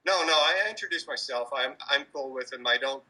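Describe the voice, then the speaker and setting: A street performer dressed as a mobster answers interview questions about his act in a medium-pitched, sharp voice, speaking a little fast. He sounds hesitant, full of fillers and restarts, and the audio quality is poor.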